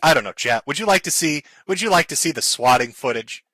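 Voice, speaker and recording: Man, livestream commentary, sarcastic, laughing, bright voice, lively pitch. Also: fairly quick, no room sound. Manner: sarcastic, laughing, mock-apologetic. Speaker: streamer.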